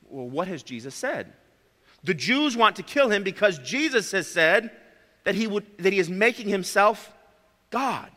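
Man, preacher, bright forceful voice, slightly high, long hall reverb. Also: big pitch swings, unhurried. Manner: emphatic, repeats key phrases, addresses listeners as friends. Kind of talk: sermon.

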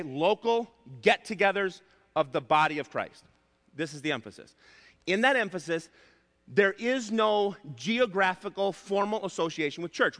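A male pastor preaching a sermon, emphatic and repeating his key points, slowing down to stress words. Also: high-pitched, bright, forceful tone. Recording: long hall reverb.

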